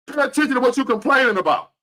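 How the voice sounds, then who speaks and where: A man's voice: extremely high pitch, lively intonation, very fast, pushed and bright. A man in his fifties giving a blunt, profane, preachy motivational rant to the camera. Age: 50s. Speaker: vlogger.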